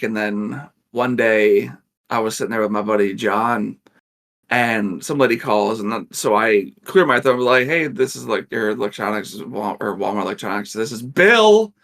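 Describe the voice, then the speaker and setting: A man co-hosting a podcast in casual chat, telling a workplace story with lively acted-out voices and frequent laughs. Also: mid-range voice, creaky. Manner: animated storyteller acting out voices in his anecdotes; laughs often. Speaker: podcast co-host.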